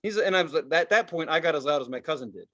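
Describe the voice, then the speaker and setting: Profane, excitable man telling stories. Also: fairly high pitch, racing, highs cut off. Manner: profane, animated storytelling with voiced quotes. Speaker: podcast co-host. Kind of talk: casual chat.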